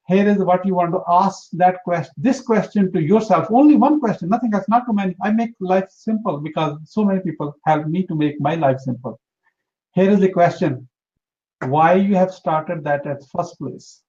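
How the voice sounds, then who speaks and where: Earnest high-voiced man giving advice. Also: moderate pace, a little mellow, dull audio. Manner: earnest, emphatic, repeats for emphasis. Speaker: interview guest, entrepreneur. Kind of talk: motivational interview talk.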